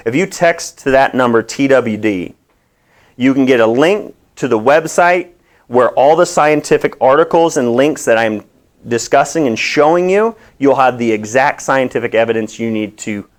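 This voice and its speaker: Guy doing a health vlog, fired up and preachy, keeps going off on tangents, normal mid pitch. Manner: impassioned, preachy, rambling asides. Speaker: wellness doctor host. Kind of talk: direct-to-camera health vlog.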